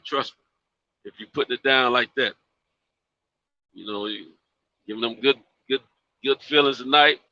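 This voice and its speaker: A man's voice: mid-range voice, sharp tone, dull audio. A man with a Southern accent hosting a casual live stream, talking in a drawling, folksy way full of slang. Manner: laid-back, drawling, folksy slang with frequent "you dig".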